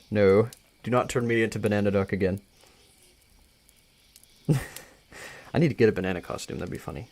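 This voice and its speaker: A man hosting a live reading, excitable and chatty, often breaking into giggles between narrating. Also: lowish voice, gravelly. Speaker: host reading a story aloud. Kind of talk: live casual reading with chat.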